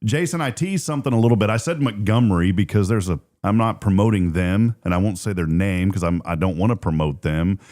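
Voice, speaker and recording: A man's voice: low voice, fairly quick, few pauses, a little mellow. A middle-aged man hosting a morning radio show, chatting casually, joking and laughing often.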